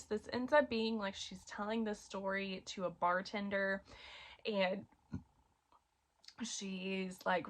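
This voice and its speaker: A woman with a mid-range, creaky, fairly bright voice chats casually about romance books she's read. She uses lots of fillers and gets emotional over a favorite series, reviewing in a loose, conversational way.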